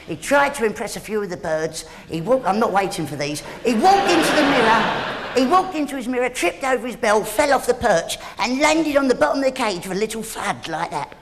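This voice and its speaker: A man performing stand-up on a theatre stage, rambling from joke to joke and teasing the audience. His voice is strikingly high. Roaring crowd laughter and live-show noise sit behind him. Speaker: comedian.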